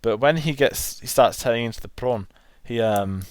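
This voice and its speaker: A man's voice: medium pitch, normal speed, slight background noise. A man co-hosting a film podcast, chatting enthusiastically and rambling with restarts. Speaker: podcast co-host. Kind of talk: casual film chat.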